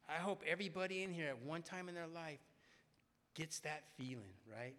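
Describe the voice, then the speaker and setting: A man speaking at a recovery meeting, telling a personal story in an animated way and often tagging his sentences with "right?". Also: a little high, normal speed. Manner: animated, keeps asking "right?". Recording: echoey hall reverb.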